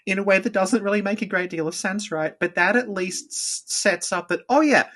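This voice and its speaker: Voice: mid-range voice, normal speed, a bit bright. A podcast co-host talking through game lore in a casual, rambling way, full of "like" fillers. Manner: rambling, heavy use of "like" fillers.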